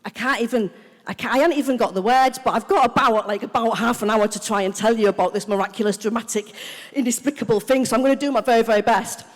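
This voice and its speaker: A woman from Hull, England, giving her personal testimony as main speaker at a recovery convention, excited and animated. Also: a little high, fast. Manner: excited, animated, breathless storytelling. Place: large convention hall. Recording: long reverb of a large hall.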